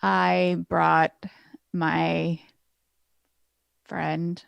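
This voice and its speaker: A woman voicing a big, awkward young ogre woman who speaks in a hushed, hesitant way. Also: lowish voice, flat delivery, extremely slow, gravelly, clean tone, no room sound, full character voice. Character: hulking young female ogre, awkward and quiet.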